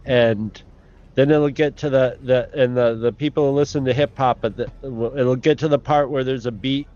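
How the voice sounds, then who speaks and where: A man's voice: medium pitch, normal speed. A man in casual podcast chat, telling stories with many restarts and bits of acted-out dialogue. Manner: rambling, many restarts, animated retelling. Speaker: podcast co-host. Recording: dull lo-fi sound.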